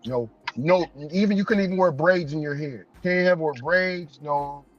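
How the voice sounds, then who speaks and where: A man's voice: on the high side, normal speed, dry recording. A man hosting a casual chat, telling stories with animation and acting out the voices of the people in them. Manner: storytelling, animated, acts out quoted voices. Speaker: podcast host. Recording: dull lo-fi recording.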